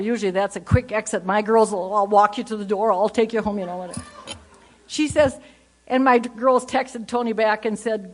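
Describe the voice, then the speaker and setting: An older woman gives a humorous, animated storytelling talk at a conference. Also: mid-range voice, normal speed. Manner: animated, chatty, acts out family anecdotes. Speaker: conference speaker.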